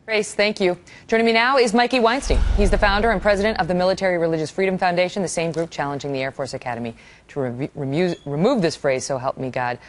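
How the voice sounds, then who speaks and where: A woman's voice: fairly low pitch, quick pace, a little hiss or hum. Pressing female news anchor. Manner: pressing, interrupting questioner. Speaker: news host. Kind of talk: cable news interview.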